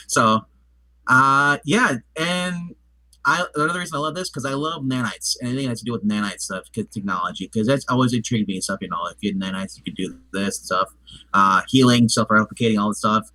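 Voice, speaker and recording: Bright-voiced rambling man. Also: mid-range voice, brisk, dry recording, low-quality recording. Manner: rambling, many fillers and restarts. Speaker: movie review co-host. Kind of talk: casual chat.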